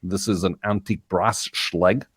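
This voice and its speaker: A man's voice: deep voice, steady tone, a bit bright, husky, no room sound, clean studio sound, pitched below the performer's own voice, heavily acted. A man imitating a disdainful male locksmith who speaks in clipped, broken English. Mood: deadpan disdain. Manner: clipped, slow, dropped articles.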